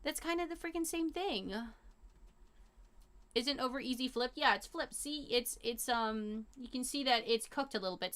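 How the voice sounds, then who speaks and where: Young woman, live streamer, bright clear voice, rambling casual chat, slangy and animated. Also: fairly high pitch.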